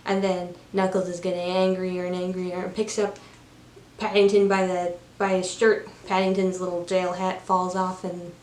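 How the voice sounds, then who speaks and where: A woman's voice: lowish voice, flat delivery, moderate pace, darkish tone. A woman reviewing a film, retelling its plot in a chatty, casual way with lots of fillers. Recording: roomy room, faint background noise.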